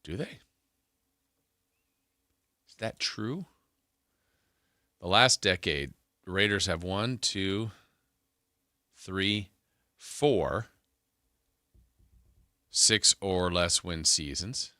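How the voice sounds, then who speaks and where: A man's voice: sits low, extremely slow, long pauses, sharp tone, dry recording. A man hosting a sports radio show, chatting casually and rambling as he thinks aloud into a studio microphone.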